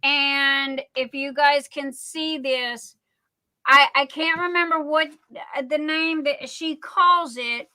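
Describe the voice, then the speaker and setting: A middle-aged woman hosting a casual livestream, telling stories in a rambling, excitable way. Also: sits high, slow pace. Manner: rambling, excitable, chatty storytelling. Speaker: livestream host.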